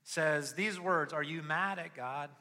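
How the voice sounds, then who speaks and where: A young adult man preaches a sermon woven with personal testimony, going from quiet reflection to loud, impassioned pleading. His voice is a little high and his pace measured, with long hall reverb on the recording.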